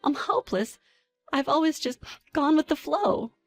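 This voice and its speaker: A woman's voice: lively intonation, normal speed, no echo. Woman voicing a meek, flustered young mom. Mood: shy. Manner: high, breathless and apologetic.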